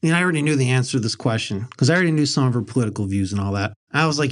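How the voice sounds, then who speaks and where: A man's voice: mid-range voice, racing, few pauses. A man hosting a podcast in casual chat, blunt and joking as he tells stories to his co-host. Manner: brash, joking, blunt storytelling.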